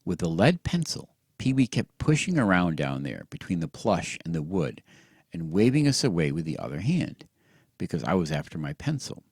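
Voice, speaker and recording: A man with a soft, soothing manner reading a story aloud at bedtime, close to the mic. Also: sits low, big pitch swings, normal speed, slightly rough, dry recording. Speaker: audiobook narrator.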